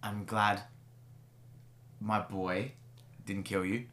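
A man's voice: on the low side, steady tone, drawn-out words, a bit bright. Man voicing a prim, indignant elf mother. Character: flustered middle-aged mother, a scholar with an office. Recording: roomy echo.

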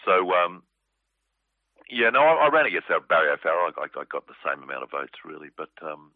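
Deep-voiced man on phone. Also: big pitch swings, brisk, dry recording. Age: 40s. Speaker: comedian guest. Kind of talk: casual phone interview. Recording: tinny dry phone line.

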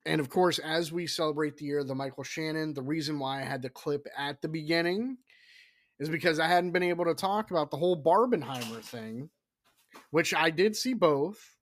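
A middle-aged man hosting a casual solo horror podcast, rambling and profane, dropping into hushed whispers for asides. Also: a little high, normal speed. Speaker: podcast host.

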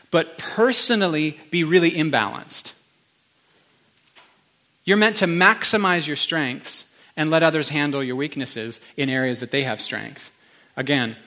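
A man's voice: fairly high pitch, bright, forceful tone. A man preaching a sermon to a congregation in an earnest, emotional, conversational way. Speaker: pastor.

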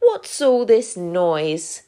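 A woman voicing a friendly, sleepy male dinosaur-like creature in a children's story, speaking slowly and drawn out. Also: lowish voice, big pitch swings, mellow, heavily acted. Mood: drowsy, friendly. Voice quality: slow, drawn-out delivery.

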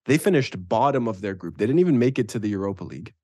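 Low-voiced man hosting a sports podcast. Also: fast talker, dry recording. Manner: animated, opinionated, leans on "right?". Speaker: podcast co-host. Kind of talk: casual sports chat.

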